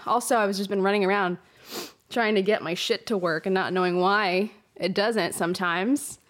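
A woman's voice: medium pitch, steady tone, moderate pace. Frank, emotional woman podcast host. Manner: frank and emotional, swears freely. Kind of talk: candid solo podcast monologue. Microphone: podcast microphone.

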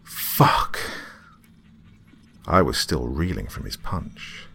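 Very deep-voiced man narrating horror. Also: lively intonation, measured pace, fairly bright tone, slight background noise. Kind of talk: scripted horror story narration.

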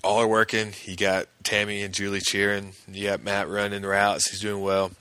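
A man's voice: on the low side, completely flat delivery, normal speed, sharp tone, smooth, dry recording. A man hosting a podcast, casually recapping a TV episode scene by scene and quoting the characters in his own voice.

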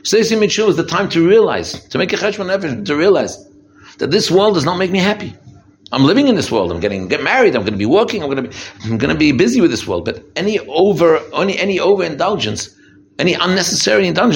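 A man's voice: quick pace, vocal fry, slight background noise. A man giving an emphatic sermon as a rabbi, often repeating and restarting his phrases. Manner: lively, emphatic preaching that swings from low and quiet to high and intense. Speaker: rabbi giving a holiday talk.

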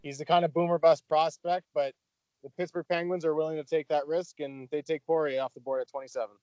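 A man giving his draft pick as a podcast guest, steady and explanatory. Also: a little high, fairly quick, no echo, dull audio. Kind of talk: casual podcast chat.

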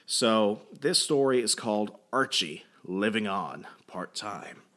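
A man's voice: fairly low pitch, expressive, slow pace, fairly bright tone. A man podcaster casually recapping a comic, rambling and jokey, humming filler.

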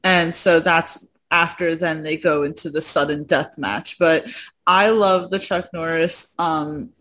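Excited chatty person gushing about a movie, swears a bit, laughs, light hiss in the background. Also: mid-range voice, measured pace. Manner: enthusiastic, swears casually, laughs often. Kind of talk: casual chat. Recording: faint background noise.

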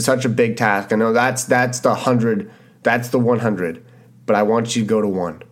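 Impassioned young man, motivational monologue. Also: medium pitch. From Canada. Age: 20s. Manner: impassioned, repetitive, swears casually. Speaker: podcast host.

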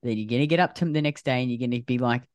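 A woman's voice: a bass voice, very fast, darkish tone, no echo. A woman co-hosting a casual podcast as a health coach, blunt and swearing freely as she acts out quoted conversations.

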